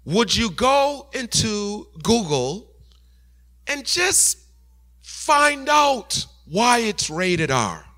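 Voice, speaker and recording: A man voicing the Holy Spirit as a gentle male divine voice during a sermon story, asking slow, reproving questions. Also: high-pitched, huge pitch swings, pitched above the performer's own voice, exaggerated voice. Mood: gently probing.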